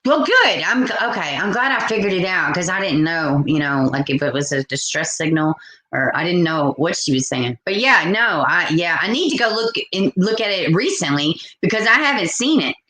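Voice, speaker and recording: Woman, low-pitched, casual live-stream host, talkative. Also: animated, moderate pace, sharp tone, reverberant. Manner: chatty, reacts aloud to viewer comments.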